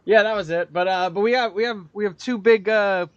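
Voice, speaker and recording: Man, podcast co-host, rambling and profane, slightly high voice, dry lo-fi sound. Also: fairly quick, dry recording. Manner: rambling, profane, with frequent restarts and acted-out quotes. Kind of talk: casual chat, movie review.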